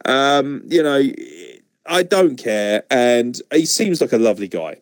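A man's voice: medium pitch, big pitch swings, slow pace, dry recording. A man co-hosting a casual review podcast, ranting sarcastically and swearing freely. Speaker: podcast co-host. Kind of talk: casual wrestling review chat.

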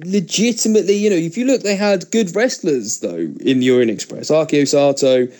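A man's voice: fairly high pitch, brisk, a little mellow. A man co-hosting a casual podcast, talking in an opinionated way and swearing casually. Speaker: podcast co-host.

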